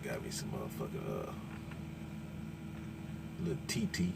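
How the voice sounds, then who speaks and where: A man, a truck driver ranting loudly and cursing in casual talk from inside his truck cab. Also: very deep voice, big pitch swings, measured pace, creaky, heavy background noise. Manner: loud, cursing, repetitive, laughing. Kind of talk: profane casual rant.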